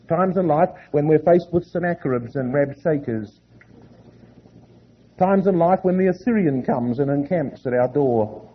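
A husky man preaches a sermon in a fairly high voice, slowing right down to stress each phrase when he reads scripture. The recording is dull and lo-fi. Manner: reads scripture slowly with heavy emphasis.

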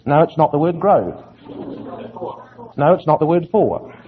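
Earnest preacher, high husky voice, sermon, tinny lo-fi recording. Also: male voice, animated, measured pace. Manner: earnest, asks rhetorical questions. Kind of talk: sermon, Bible exposition. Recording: tinny phone-like audio.

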